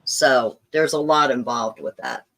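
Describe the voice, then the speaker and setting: A woman's voice: extremely low pitch, big pitch swings, unhurried, fairly bright tone. A woman moderating a casual livestream chat, reading viewer comments aloud and explaining things at length.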